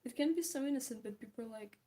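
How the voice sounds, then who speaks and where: A woman chatting casually while she paints, self-mocking, often dropping into soft whispers. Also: on the high side, fast. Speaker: art vlogger.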